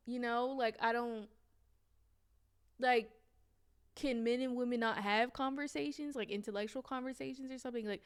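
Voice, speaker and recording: A woman comments casually on a clip, her speech hesitant and searching as she keeps stopping to ask questions. Her voice is smooth and clear and sits a little high. She leans on "like" throughout. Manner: hesitant, questioning, heavy use of "like". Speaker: reaction video host.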